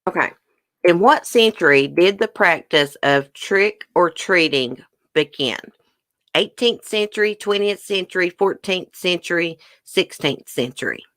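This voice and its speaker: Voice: mid-range voice, animated, measured pace, a bit bright, no echo, studio quality. A livestream host in a casual trivia chat, reading questions aloud and answering viewers' guesses while chewing on a snack. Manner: talks while chewing a brownie.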